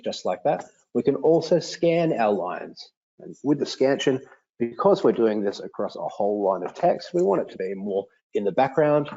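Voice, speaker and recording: A man teaching, demonstrating software for a lesson in an explanatory, enthusiastic way. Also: creaky, breathy edge, muffled recording. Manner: explanatory, enthusiastic, with lively pitch swings.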